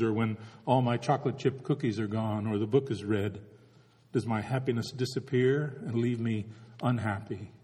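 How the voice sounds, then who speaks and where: Pastor guy preaching, mid-pitched voice, lots of rhetorical questions, long hall echo. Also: a little mellow. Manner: reflective, asks many rhetorical questions. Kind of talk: sermon.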